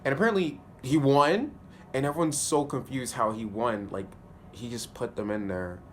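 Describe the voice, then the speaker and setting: A man giving a casual spoken review of a TV episode, animated and slangy, often laughing. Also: medium pitch, moderate pace, slight background noise. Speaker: TV show reviewer.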